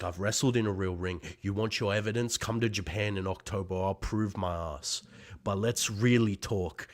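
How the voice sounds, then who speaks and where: A man talking as a wrestler guest in fiery promo style, profane and intense, swinging between shouting and quiet, heartfelt passages. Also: lowish voice, moderate pace.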